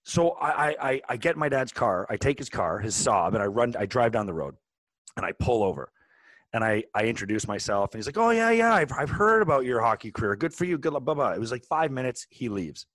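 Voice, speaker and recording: Forties male co-host, casual storyteller with frequent restarts, mid pitch, dry close-miked sound. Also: a little fast, dry recording. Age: 40s. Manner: animated, rambling with many restarts. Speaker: podcast co-host.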